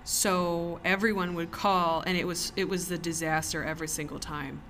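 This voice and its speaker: A woman co-hosting a podcast in a cellar, telling stories in casual chat as an animated storyteller who laughs often. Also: on the low side, normal speed, slight background noise. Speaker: podcast co-host.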